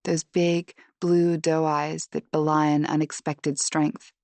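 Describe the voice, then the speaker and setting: Woman, lower voice, first-person audiobook narration, dry close recording. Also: little pitch movement, takes it slowly, a little mellow, dry recording.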